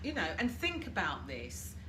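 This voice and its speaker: British woman, live-stream coach, animated delivery, roomy home audio with faint appliance hum. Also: fairly low pitch, normal speed. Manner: chatty, asks listeners reflective questions and greets viewers. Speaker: coach hosting a live group session. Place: home, washing machine running nearby. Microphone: laptop or phone camera for a live stream.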